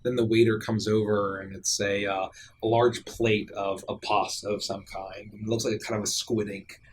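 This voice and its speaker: A man narrating as game master in a tabletop game, describing the scene loosely with lots of pauses and restarts. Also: fairly low pitch, flat delivery, slight background noise. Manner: loose, with many fillers and restarts while describing.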